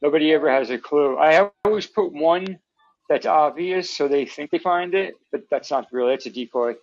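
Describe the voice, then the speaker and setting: A man's voice: a little high, normal speed, dry recording. A man co-hosting a podcast in casual chat, rambling with many restarts and fillers and swearing freely. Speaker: podcast co-host. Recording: dull lo-fi sound.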